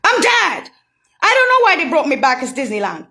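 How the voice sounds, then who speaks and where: A woman in a profane, rambling rant, mocking and swearing heavily, jumping between loud outbursts and low muttering. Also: huge pitch swings, a little fast.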